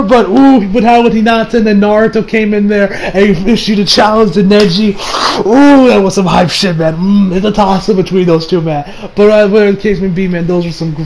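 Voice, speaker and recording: A man giving a casual, excitable anime review, rambling and swearing with bursts of loud laughter. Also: sits high, a little hiss or hum, rough recording. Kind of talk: casual reaction commentary.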